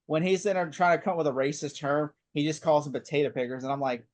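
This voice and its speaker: A man co-hosting a casual podcast chat, animated and laughing often, swearing freely. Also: on the high side, fast, dry recording. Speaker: podcast co-host.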